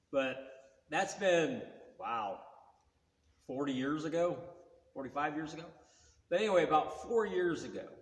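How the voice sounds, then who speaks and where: A man in his sixties telling rambling car stories in a folksy, plain-spoken way. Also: mid-range voice. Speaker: car vlogger. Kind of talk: casual storytelling. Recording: roomy with long reverb.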